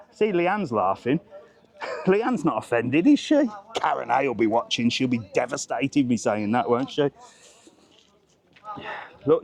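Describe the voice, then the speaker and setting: A man's voice: a little high, a little mellow. A middle-aged man, vlogging as he walks through an outdoor market, chatty and ranting, laughing often. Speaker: travel vlogger. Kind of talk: casual walking vlog chat. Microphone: clip-on mic, later removed.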